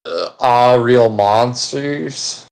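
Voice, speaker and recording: Slow easygoing guy rambling and teasing his buddies over a game, smooth clear voice. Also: medium pitch, darkish tone, rough recording. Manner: rambling, swears casually, teasing. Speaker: gaming video co-host. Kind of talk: casual chat while gaming.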